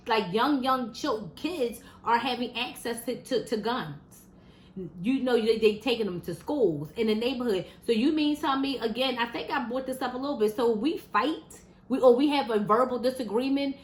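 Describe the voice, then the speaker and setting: A woman vlogging to her viewers in a casual, exasperated monologue, repeating words and firing off rhetorical questions. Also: on the high side. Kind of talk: casual opinion monologue to camera. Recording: roomy echo.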